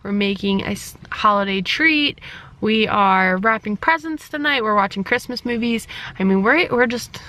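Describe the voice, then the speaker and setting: A woman's voice: mid-range voice, lively intonation, normal speed, pushed and bright. A woman chatting casually to her vlog camera, a chatty, rambling talker who leans on fillers, filmed on a handheld camera. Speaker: family vlogger.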